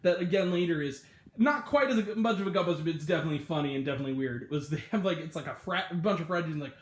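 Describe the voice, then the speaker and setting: A man's voice: fairly high pitch, racing. A man giving a casual, rambling spoken review of a comedy show, full of fillers and laughter, acting out quoted lines in other voices. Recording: echoey room.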